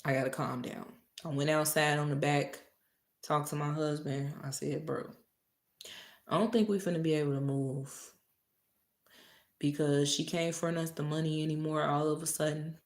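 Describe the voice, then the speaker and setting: Her low voice moves at normal speed as she animatedly retells a story, cursing liberally and dramatizing a heated fight. She's a storytime vlogger, and the audio carries a roomy echo.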